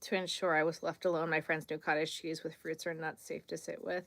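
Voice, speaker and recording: A woman's voice: deep voice, level tone, a little fast, creaky, a bit bright, no echo. A woman hosting a casual crochet livestream, chatting easily with viewers and sounding a little tired. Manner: chatty, easygoing, responds to viewers while crocheting. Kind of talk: casual livestream chat, reading chat comments.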